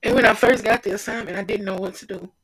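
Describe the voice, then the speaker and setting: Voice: mid-range voice, steady tone, quick pace, fairly bright tone, breathy edge, rough recording. A preacher giving an informal devotional sermon, fervent and repetitive, speaking straight to the listener.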